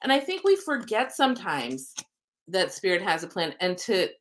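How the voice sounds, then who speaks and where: A woman's voice: fairly low pitch, huge pitch swings, moderate pace. Chatty woman host, oracle card reader, upbeat and rambling on a livestream. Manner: chatty, rambling, frequent ums; spiritual, upbeat. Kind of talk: live-streamed card reading.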